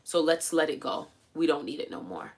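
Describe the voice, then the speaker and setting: Lowish-voiced woman coaching on a livestream. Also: normal speed, vocal fry. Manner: coaching, animated, acts out quoted voices. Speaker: livestream host. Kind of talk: casual motivational livestream talk.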